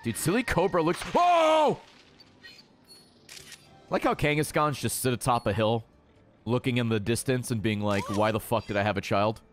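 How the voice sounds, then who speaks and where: A man streaming a game, excitable and swearing freely as he yells at the creatures on screen. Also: medium pitch, fairly quick, faint music behind. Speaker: gaming streamer. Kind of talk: casual let's-play commentary.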